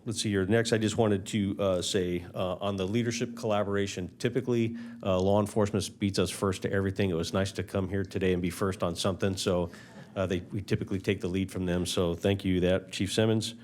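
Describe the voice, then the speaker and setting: A man speaking as fire chief at a council meeting, halting and full of filler words. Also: low voice, level tone, darkish tone.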